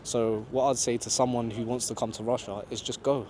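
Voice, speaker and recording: A man answering interview questions outdoors in a relaxed, conversational way. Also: mid-range voice, brisk, slight background noise. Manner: laid-back, conversational, lots of "you know". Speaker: travel vlogger being interviewed. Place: outdoors in a city park.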